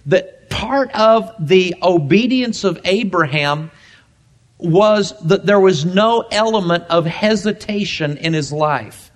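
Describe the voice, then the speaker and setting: Male pastor, high voice, emphatic sermon delivery with deliberate repetition. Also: animated.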